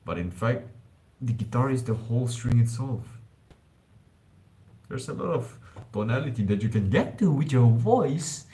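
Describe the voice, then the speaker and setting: A man's voice: medium pitch, lively intonation, measured pace, pauses often, dark tone, low-quality recording. A man streaming live about self-improvement, talking in a loose, rambling way, calling listeners bro and swearing now and then. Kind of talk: casual live-stream talk.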